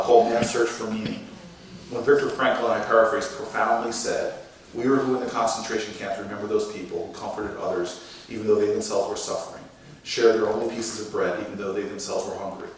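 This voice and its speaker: A man telling a story on stage with animated delivery, acting out shouted quotes, from the United States. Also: on the low side, brisk. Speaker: mayor and speaker. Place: large lecture hall. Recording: echoey hall from far off, noisy.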